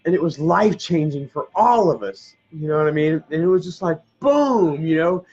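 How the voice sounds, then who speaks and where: A middle-aged man with a drawl tells a family memory to his camera, his voice a bit higher than most men's. He rambles, swears casually and laughs through tears. The dull, lo-fi camera audio makes the whole recording sound muffled. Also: brisk, a little mellow, husky. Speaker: vlogger. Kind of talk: emotional personal storytelling to camera.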